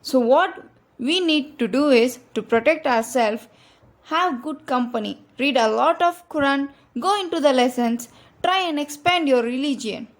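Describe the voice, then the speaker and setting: A woman's voice: high-pitched, animated, measured pace. A woman giving a religious advice talk, earnest and direct, repeating her key points to her listeners. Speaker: Islamic speaker.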